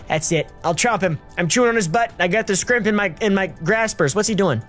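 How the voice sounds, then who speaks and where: A woman hosting her channel, giving casual, excitable, jokey gameplay commentary with plenty of swearing, with faint music behind. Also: medium pitch, normal speed. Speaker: gamer and channel host.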